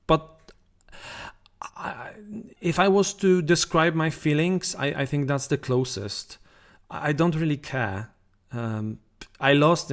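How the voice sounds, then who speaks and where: Slow-talking man giving trading advice. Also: a little high. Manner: conversational, frequent fillers and restarts, repeats points. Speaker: football trading channel host. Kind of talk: casual talk to camera.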